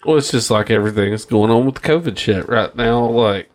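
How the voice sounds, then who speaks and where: A man with an ordinary mid-pitched voice co-hosts a loose podcast chat. He rants with crude, profane, sardonic humor. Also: brisk. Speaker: podcast co-host. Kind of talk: casual chat.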